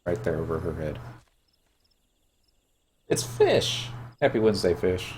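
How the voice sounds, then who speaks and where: A man's voice: low voice, huge pitch swings, a little slow, darkish tone, a little hiss or hum. A man with a head cold chatting casually and joking while he plays a game and answers viewers. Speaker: game streamer. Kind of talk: casual gameplay chat.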